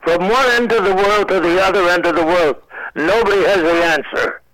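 A man's voice: sits high, fairly quick, a bit bright, dry recording, rough recording. A man in his nineties, a comedian guest calling in from home, rambling with stammered restarts and dry wisecracks. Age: 90s. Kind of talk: joking radio interview.

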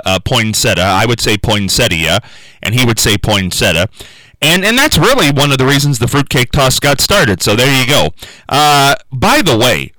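A man's voice: medium pitch, bright, forceful tone, dry recording, rough recording. A man hosting a radio talk show, chatting in a folksy way and repeating phrases for emphasis from the studio.

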